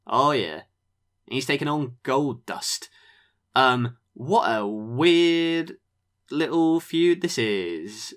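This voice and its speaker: A man co-hosting a podcast, recapping wrestling matches in a relaxed way, full of ums. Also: medium pitch, extremely slow. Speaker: podcast co-host. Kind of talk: casual review chat.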